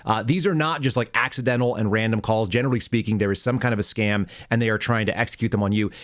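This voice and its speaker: A man hosting a podcast, telling rambling anecdotes in casual chat, with quick self-corrections. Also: lowish voice, no room sound, studio quality. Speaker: podcast host, former FBI agent.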